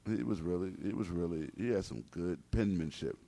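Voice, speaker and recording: A man guesting on a podcast as a battle rapper, talking in a relaxed, filler-heavy way. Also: low-pitched, fairly quick, creaky. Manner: laid-back, filler-heavy talk. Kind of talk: casual podcast interview.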